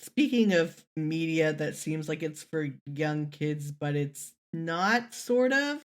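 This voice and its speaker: A woman co-hosting a casual podcast, talking in a rambling, animated way and swearing casually. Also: low-pitched, slow pace. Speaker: podcast co-host.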